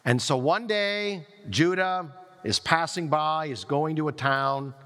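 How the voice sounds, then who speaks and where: A man preaching a sermon, retelling a scripture story in a lively way with quoted lines. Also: on the high side, slow. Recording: long reverb of a large hall.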